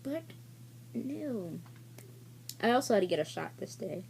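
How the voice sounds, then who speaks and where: Brief: woman vlogger, casual and candid, swears freely, soft dark tone. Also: mid-range voice, big pitch swings, unhurried, gravelly, slight background noise. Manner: rambling and candid, with frequent fillers and swearing. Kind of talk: casual story-time vlog.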